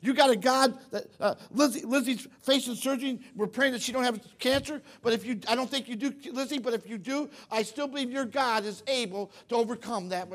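A man's voice: very high voice, fairly quick, few pauses, a bit bright. A man preaching a sermon in church, emphatic and repetitive, often questioning the congregation. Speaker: pastor.

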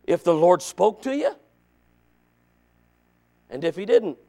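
A male pastor preaching a sermon, swinging between shouting and hushed softness, with stammering restarts. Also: high-pitched, big pitch swings, slow.

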